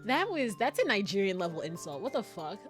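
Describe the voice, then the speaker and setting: A woman's voice: mid-range voice, big pitch swings, a little fast, faint music behind. A woman streamer reacting to a game, laughing often, swearing and sounding incredulous. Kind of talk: live game commentary.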